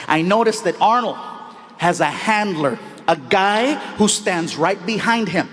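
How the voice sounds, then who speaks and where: A man in his forties doing stand-up storytelling on a theater stage, animated and at times subdued and confessional. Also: sits high. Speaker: stand-up comedian. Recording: live theater with long reverb.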